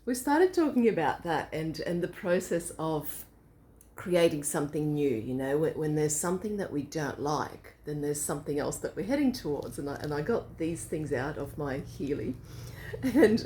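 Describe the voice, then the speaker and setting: A woman with a lowish, mellow voice talks through an idea in a relaxed bedtime chat. She explains step by step with a visual demo and laughs easily. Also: slight background noise. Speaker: co-host. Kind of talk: casual bedtime reflection chat.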